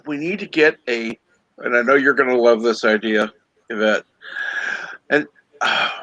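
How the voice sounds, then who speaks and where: A man's voice: medium pitch, a little slow, pushed and bright, no room sound, muffled recording. A man hosting a casual livestream chat with joking, irreverent asides. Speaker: host.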